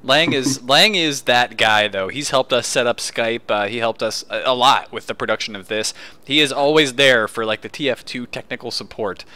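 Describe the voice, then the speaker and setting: A man's voice: medium pitch, normal speed, bright, forceful tone. A man co-hosting a podcast in casual chat, chatty and prone to asides. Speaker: podcast co-host.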